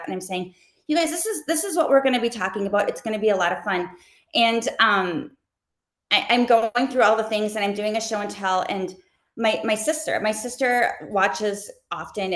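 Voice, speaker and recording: A woman who makes live shopping videos, answering interview questions casually and talking fast like an animated storyteller. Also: medium pitch. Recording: roomy echo.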